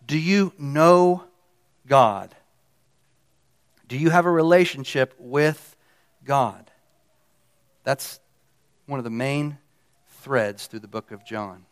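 A man expounds scripture like a preacher, leaning hard on key words with earnest emphasis. His voice sits a little high for a man and is smooth and clear. He takes his time between phrases. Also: a bit bright. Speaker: Bible teacher. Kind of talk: sermon-style Bible exposition.

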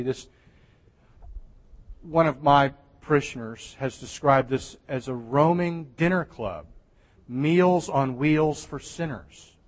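A man pastor preaching a sermon in a conversational way, with restarts and soft laughs, recorded in a church. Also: fairly high pitch. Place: church sanctuary. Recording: church hall reverb.

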